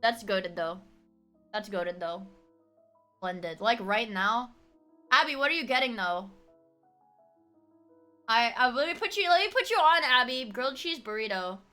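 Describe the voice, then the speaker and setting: Woman streamer, casual chat, swoops through her pitch, laughs a lot and bursts into shouts. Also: expressive, a little slow, long pauses, soft background music.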